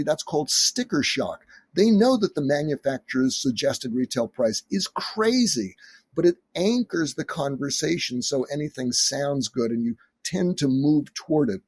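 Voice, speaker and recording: A man with a somewhat husky voice explains negotiation as a guest on an interview podcast. He tells earnest stories and acts out the quotes in them. The sound is dry and close. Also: mid-range voice, darkish tone, no room sound. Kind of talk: expert interview answers with stories.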